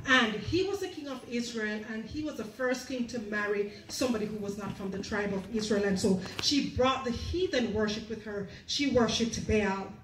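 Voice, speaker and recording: A woman's voice: on the high side, a little hiss or hum. A woman preaching a sermon, telling a story and acting out its people in their own voices. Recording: echoey church hall, mic at a distance.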